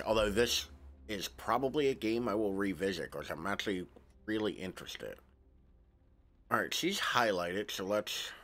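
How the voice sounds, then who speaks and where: A man's voice: lowish voice, fairly bright tone. A male streamer reading a narrative game aloud, dropping casual, wry asides between the lines.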